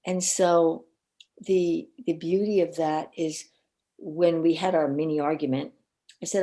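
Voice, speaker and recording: A woman guest on a podcast, who works as a coach and minister, shares personal stories in a low, mellow voice. Her delivery is earnest and animated yet unhurried, and she frequently stumbles over repeated words.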